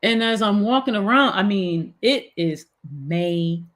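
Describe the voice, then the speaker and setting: A woman's voice: medium pitch, measured pace. Middle-aged woman telling a story animatedly. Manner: animated, filler-heavy retelling. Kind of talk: casual storytelling.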